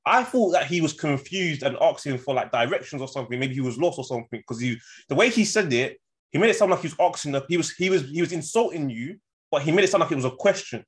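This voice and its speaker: Fast-talking young man. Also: fairly high pitch, expressive. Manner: rambling, repeats "bro" and "innit". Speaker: podcast co-host. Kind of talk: casual storytelling chat.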